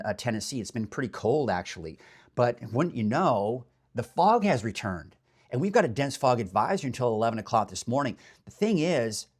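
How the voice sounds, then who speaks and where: A man working as a meteorologist, giving a casual morning weather chat from a hotel room, rambling and chatty with fillers. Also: mid-range voice.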